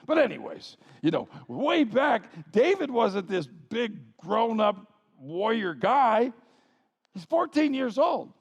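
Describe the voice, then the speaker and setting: A male pastor delivers a sermon, animated and playful, with quick joking asides. His voice is high with a gravelly edge. It swings up and down a lot and rings through a large echoing church. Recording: long reverb of a large hall.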